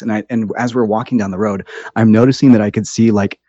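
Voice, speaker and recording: Low-voiced man telling a story. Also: fast, no echo, muffled recording. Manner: animated retelling with quoted asides and laughter. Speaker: podcast guest. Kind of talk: casual storytelling.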